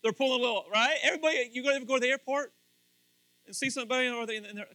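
A man's voice: very high-pitched, racing, bright, forceful tone, no room sound. A man preaching a sermon to his congregation in a playful way, speaking to people directly by name. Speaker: pastor. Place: church before a congregation.

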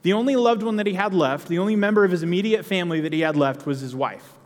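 High-voiced preacher in a reverberant hall. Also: male voice, quick pace. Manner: conversational preaching with emphatic outbursts. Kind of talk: sermon.

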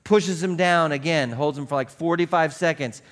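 A man's voice: fairly high pitch, normal speed. A male pastor preaching a casual, joking sermon, telling stories in a conversational way.

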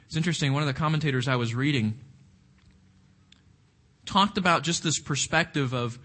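A man with a high, slightly bright voice leads an interactive Bible study. He is reflective, frequently puts questions to the group, and repeats words while he thinks.

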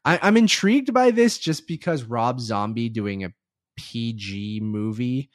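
A man's voice: mid-range voice, lively intonation, unhurried, no echo. A man co-hosting a podcast, laid-back and hesitant, often laughing as he chats. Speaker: podcast co-host. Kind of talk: casual chat.

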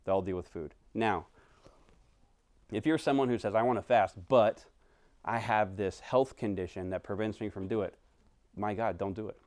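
Low-voiced man preaching a conversational sermon. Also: normal speed, dry recording. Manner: conversational preaching, swings from animated to hushed. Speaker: pastor.

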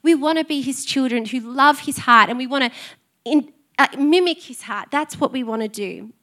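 A woman's voice: high-pitched, normal speed, pushed and bright. A middle-aged woman, preaching a sermon in an earnest, conversational way and telling personal stories. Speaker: pastor.

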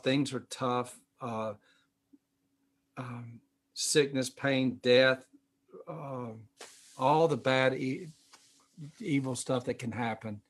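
A man's voice: medium pitch, fairly bright tone. A man preaching a sermon as pastor, emphatic, repeating phrases with fillers and restarts. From United States.

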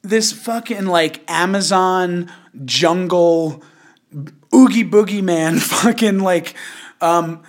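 A man's voice: high voice, takes it slowly. A man hosting a casual podcast, rambling with loose, slangy talk and frequent laughter. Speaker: podcast host.

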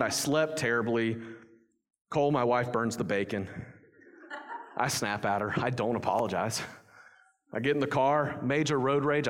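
A young man preaching a sermon as pastor, telling a story in quick run-on clauses, then turning quiet and earnest to lead communion. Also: medium pitch. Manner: quiet, earnest near-whisper leading communion. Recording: long hall reverb.

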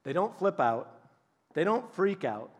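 A man preaching a sermon, telling biblical stories with animated, acted-out voices. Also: high voice, a little slow, husky. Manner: animated storytelling, acts out voices of biblical figures. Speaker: pastor.

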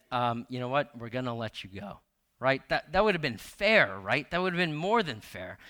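Bright-voiced conversational male pastor. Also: a little high. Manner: conversational, many fillers and repeated words, asks the congregation questions. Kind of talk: sermon with personal story.

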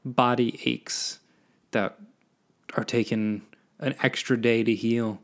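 A man's voice: medium pitch, fairly even intonation, takes it slowly. A man, hosting a solo podcast and rambling between topics in a self-deprecating way. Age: 20s. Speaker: podcast host.

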